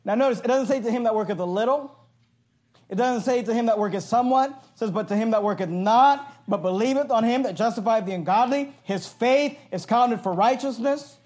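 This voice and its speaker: A pastor preaching an emphatic sermon, reading verses aloud and explaining them line by line. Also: male voice, very high voice, a little fast, a little mellow.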